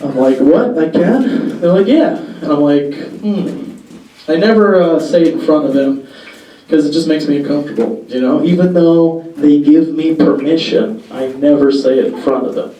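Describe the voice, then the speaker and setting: On a club stage in front of a live audience, a young man does halting, deadpan stand-up, full of pauses and filler words, in a slightly high voice. The far-off mic picks up an echoey room and the crowd's laughter.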